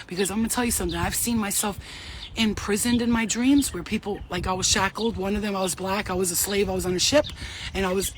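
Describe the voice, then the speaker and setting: A woman speaking outdoors while walking her dog, giving a spiritual pep talk to her followers. She talks bluntly and with fire, swearing freely in street slang. Her voice sits at an ordinary middle pitch, with a faint hum of the open air behind her. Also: steady tone, quick pace. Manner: blunt, profane, slangy and fired-up. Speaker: spiritual reader.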